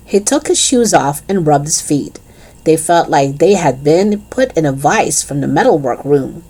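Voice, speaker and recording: A woman reading a children's chapter book aloud with expressive storytelling. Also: low-pitched, a little slow, breathy edge.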